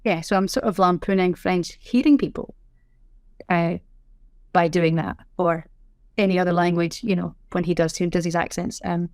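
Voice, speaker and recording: A woman's voice: fairly low pitch, fairly even intonation, moderate pace, a little mellow, no echo. Woman, middle-aged, chatty guest; dry close mic. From Scotland. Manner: chatty, self-correcting, explanatory. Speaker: sign language interpreter, podcast guest. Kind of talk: casual interview chat.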